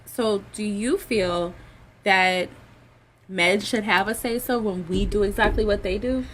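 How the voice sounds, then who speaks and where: A woman's voice: medium pitch, a little slow, heavy background noise. A woman co-hosting a casual talk show, outspoken and chatty, backing up her friend as they talk openly. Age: adult with a son. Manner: outspoken, chatty, agrees a lot. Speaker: podcast co-host. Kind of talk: frank casual girl talk.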